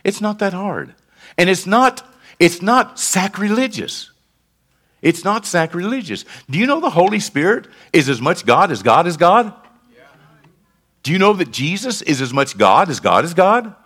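A man's voice: sits high, very animated, a little slow, fairly bright tone, slightly rough. A man preaching a sermon as pastor, in a conversational style that rises to emphatic declarations, speaking in a church.

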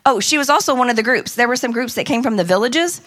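A woman from the United States casually recounting a conference trip. Her voice sits fairly high, and she talks in an animated, chatty way, often slipping into the voices of the people she quotes. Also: quick pace. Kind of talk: casual storytelling.

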